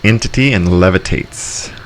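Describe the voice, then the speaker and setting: Very deep-voiced man recapping a plot. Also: a little hiss or hum. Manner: steady plot recaps, quick agreeing backchannels. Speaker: podcast co-host. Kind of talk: casual film review chat.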